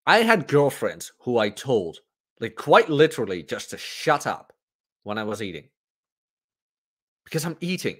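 A man's voice: mid-range voice, big pitch swings, a little slow, long pauses, a bit bright. A man hosting a podcast, ranting bluntly and profanely in a casual livestream. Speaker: podcast host.

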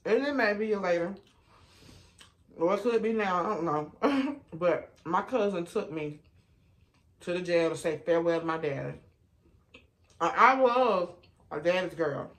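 A woman vlogger telling stories while she eats, chatty and animated, calling her viewers y'all, baby and honey. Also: a little slow, long pauses. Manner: animated, with sudden rises in pitch and loudness. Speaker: mukbang vlogger. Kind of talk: casual storytime while eating.

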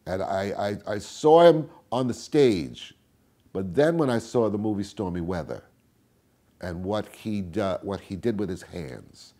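An older man with a husky, mellow voice tells stories from his past in an interview. His pitch swings widely, rising high and loud, then dropping low and soft as he acts out the people he quotes. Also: measured pace. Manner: animated storyteller, acts out quotes with big swings in pitch and volume. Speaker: interviewee, tap dancer. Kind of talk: storytelling interview.

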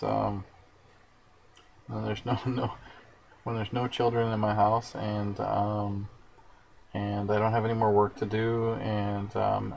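Male livestream host, rough fry-edged voice, loose chatty delivery. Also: on the low side, darkish tone, a little hiss or hum, rough recording. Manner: rambling, chatty, responds to viewer comments. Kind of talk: casual livestream chat.

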